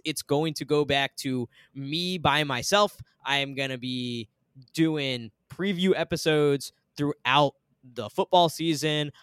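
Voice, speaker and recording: A man hosting a sports betting podcast, chatting casually through his picks in a relaxed way. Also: on the high side, clear, resonant tone, no echo. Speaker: podcast host.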